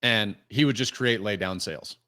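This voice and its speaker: A man's voice: lowish voice, normal speed, pushed and bright. A man talking casually as a podcast guest, telling stories full of "like" fillers. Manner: storytelling, many fillers like "like".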